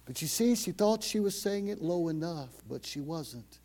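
A man preaching a sermon as pastor, telling a story and leading prayer, going from loud, urgent passages to hushed whispers. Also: sits high, animated, normal speed. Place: church.

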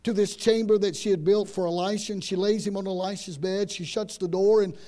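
A man preaching a sermon, retelling a story with dramatic swings from loud to hushed and frequent repeated words. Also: sits high, fairly even intonation, a little fast.

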